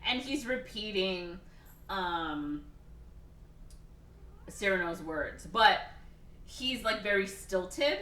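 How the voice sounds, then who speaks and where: A woman hosting a podcast, casually retelling a film's plot and acting out the characters in quick put-on voices. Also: medium pitch. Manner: animated, acts out characters with quick voice shifts. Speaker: podcast host. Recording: echoey room, distant mic, faint hiss.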